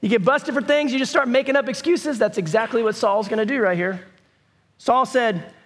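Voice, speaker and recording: High-voiced animated male preacher. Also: normal speed. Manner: animated storytelling, conversational with bursts of shouting. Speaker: pastor. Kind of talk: sermon.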